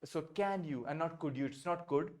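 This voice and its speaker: A man with an Indian English accent teaching a beginner French class over a video call, patient, repeating phrases slowly and switching between French and English. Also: on the high side, darkish tone.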